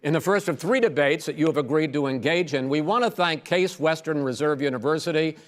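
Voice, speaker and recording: A man moderating a televised debate, giving formal, measured closing remarks. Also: on the high side, in a large hall. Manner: firm, measured.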